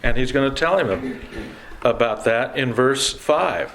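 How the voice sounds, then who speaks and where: A man leads an adult Bible class in an easy, conversational way. He keeps turning to the class with questions. His voice sits at a middle pitch, with a light hiss of noise behind it. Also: expressive, measured pace, creaky, fairly bright tone. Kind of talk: leading an adult Bible study.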